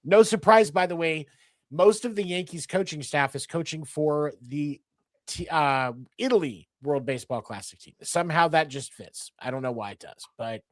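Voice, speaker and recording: A man's voice: a little high, normal speed, no echo. A man hosting a casual sports podcast, rambling along with lots of fillers and restarts. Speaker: podcast host.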